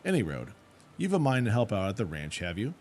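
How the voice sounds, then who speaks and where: A man reading out a gruff, rustic woman who runs a chocobo ranch in a fantasy game, with blunt folksy speech. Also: fairly low pitch, huge pitch swings, fairly quick, darkish tone, a little hiss or hum. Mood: welcoming.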